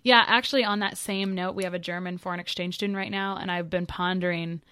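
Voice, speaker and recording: A woman's voice: on the low side, steady tone, fast, bright, forceful tone, smooth, no room sound, studio quality. Chatty American woman hosting a podcast. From United States. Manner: chatty, giggly, rambling with side notes. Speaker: podcast host. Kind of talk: casual conversational interview.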